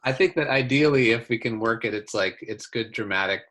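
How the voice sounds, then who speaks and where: A man's voice: medium pitch, fairly quick, fairly bright tone, slight background noise. A man speaking as a player in an out-of-game group discussion, hesitant and considered.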